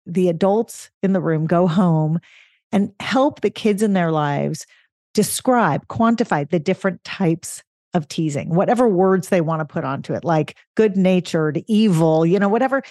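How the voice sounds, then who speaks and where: A woman's voice: on the low side, moderate pace, a little mellow, no echo, clean studio sound. A woman co-hosting a podcast, explaining ideas on parenting in a thoughtful, explanatory way. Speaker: podcast co-host. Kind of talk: casual parenting discussion.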